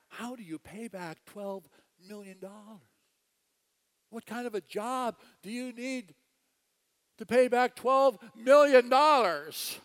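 A man preaching a sermon, telling a story with animated delivery, chuckling and repeating phrases. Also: very high voice, takes it slowly, long reverb tail.

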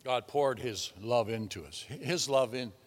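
A man preaching a sermon, lively and conversational, swinging between loud emphasis and hushed asides and repeating words as he goes. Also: medium pitch, a little slow, big-room sound.

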